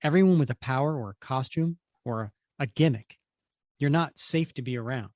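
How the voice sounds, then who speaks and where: A man's voice: medium pitch, a little fast, darkish tone, no echo, clean studio sound, close to an everyday voice. A man voicing a cold female villain delivering an accusing monologue. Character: cold anti-hero woman villain.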